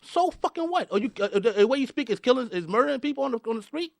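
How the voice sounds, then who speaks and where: Male podcast host with a high voice, ranting hard and tripping over repeated words. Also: rapid-fire, vocal fry, no room sound, clean studio sound. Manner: fired up, repeats and restarts words often. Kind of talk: heated podcast rant.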